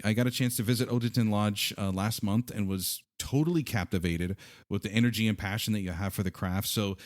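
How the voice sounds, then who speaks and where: A lower-voiced man hosting a podcast, speaking close to a dry studio mic. He reads his introduction smoothly and moves into questions with a friendly, collegial manner. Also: no echo. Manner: friendly, scripted introductions, calls guest brother. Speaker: podcast host.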